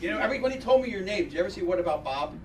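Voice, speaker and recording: Brash, high-voiced middle-aged comic, loud crowd. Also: male voice, expressive, racing. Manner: brash, profane, rambling with "you know what I mean". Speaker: stand-up comedian. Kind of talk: crude stand-up routine. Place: live comedy venue with audience. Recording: echoey room, distant mic, loud crowd laughter.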